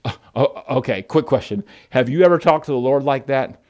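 A man's voice: mid-range voice, a little fast, darkish tone, dull audio. A male pastor preaching a sermon in an emphatic way, often repeating words as he restarts his sentences.

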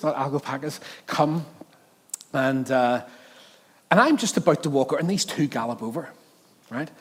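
Animated man preaching in a reverberant hall. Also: a little high, breathy edge. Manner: animated, jokey, self-interrupting. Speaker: pastor. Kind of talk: sermon with humorous storytelling.

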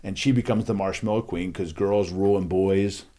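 A man telling a lively story as a guest in a conversation, acting out the voices of the people in it. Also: deep voice, normal speed. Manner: acts out voices, lively and playful. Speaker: guest, school assembly speaker.

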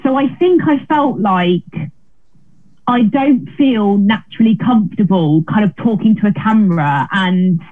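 A woman's voice: mid-range voice, animated, a little slow. A woman comedian chatting as an interview guest, self-deprecating and full of restarts, heard over a remote call. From Britain. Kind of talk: casual interview chat. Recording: tinny phone-like remote line.

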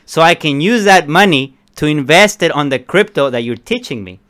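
Man telling a story, bright voice. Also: fairly high pitch, brisk. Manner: animated storyteller, acts out both sides of a chat. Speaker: podcast co-host. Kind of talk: casual chat, storytelling.

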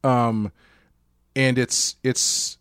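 A man's voice: medium pitch, little pitch movement, drawn-out words, a bit bright, smooth, no echo, clean studio sound. A man co-hosting a podcast and discussing a movie casually, with lots of hesitations and restarts. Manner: hesitant, restarts often, laughs easily. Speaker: podcast co-host.

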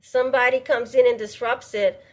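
Husky-voiced woman, blunt podcast co-host. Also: fairly high pitch, steady tone, normal speed, low-quality recording. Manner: blunt, emphatic, talkative. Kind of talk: casual chat.

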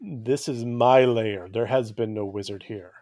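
A man's voice: medium pitch, fairly even intonation, unhurried, a little mellow, no echo, studio quality, lightly acted. A man voicing a possessive bronze dragon. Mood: guarded.

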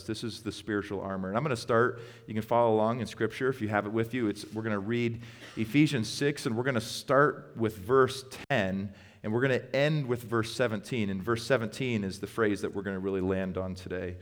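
A man preaching a sermon as pastor, retelling scripture stories and slowing down to stress key words. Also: fairly low pitch. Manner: storytelling, with emphatic slow stresses. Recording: long reverb of a hall.

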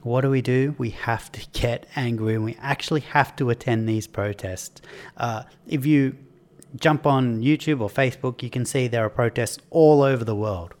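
An Australian man delivers a fired-up opinion monologue, reading passages from his own article. His voice sits in an ordinary middle pitch. He stays emphatic and sardonic, often stumbling and restarting mid-phrase. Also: moderate pace, darkish tone. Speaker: podcast host.

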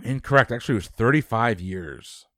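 A man hosting a trivia quiz, reading questions briskly and dropping dry quips. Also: medium pitch, animated, pushed and bright, dry recording.

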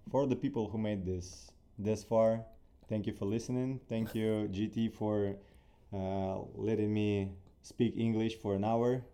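A man with a Ukrainian accent, a guest on a podcast, tells his stories earnestly in English. His voice sits low and dark with a gravelly fry. He hesitates now and then as he looks for words. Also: fairly even intonation, unhurried, hardly any pauses. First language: Russian. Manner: earnest, storytelling, with small hesitations. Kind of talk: casual interview chat.

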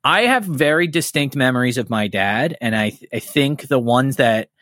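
A man's voice: mid-range voice, animated, normal speed, fairly bright tone, dry recording, clean studio sound. A man hosting a podcast in casual chat, telling personal stories candidly, swearing freely and getting heated. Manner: candid, profane, heated storytelling. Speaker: podcast host.

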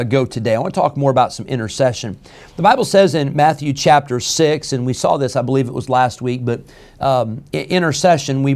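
A man's voice: medium pitch, darkish tone. A man, a pastor and podcast host, teaching in a plainspoken, earnest way with frequent hesitations and restarts.

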